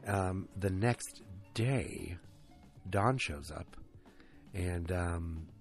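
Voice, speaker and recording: A man's voice: deep voice, very slow, faint music behind. A man casually recapping a TV episode, ranting, swearing and drifting off on tangents.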